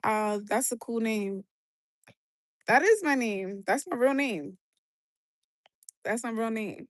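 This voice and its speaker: A woman's voice: fairly high pitch, expressive, slow pace, no echo, clean studio sound. A young woman hosting a casual live stream on her phone outdoors at night, chatting and reading out viewer comments. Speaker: livestream host. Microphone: phone held in hand.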